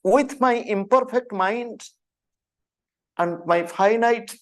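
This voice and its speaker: A man in his fifties, a spiritual teacher telling stories slowly and deliberately, repeating words for emphasis. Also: very high-pitched. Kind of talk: storytelling spiritual talk.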